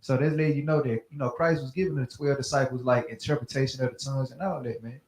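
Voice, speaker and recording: A man's voice: mid-range voice, steady tone, fast, darkish tone, echoey room, rough recording. A man with a Southern US accent making an earnest point in a casual bible discussion. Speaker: class member.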